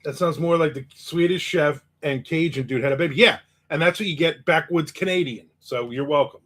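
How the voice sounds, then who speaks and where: A man chats on a casual livestream, picking up viewer comments and firing back quick jokes. His voice sits a bit above the usual male range, relaxed and conversational. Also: a little high. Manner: joking, quick asides. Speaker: host.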